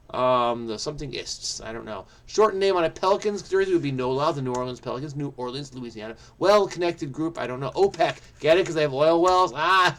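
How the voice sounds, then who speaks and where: A man with a slightly high voice solves a crossword aloud in a frenetic, scattered way. He jumps between quick bursts and mumbled trailing asides. It sounds like casual thinking out loud. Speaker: crossword solver, channel host.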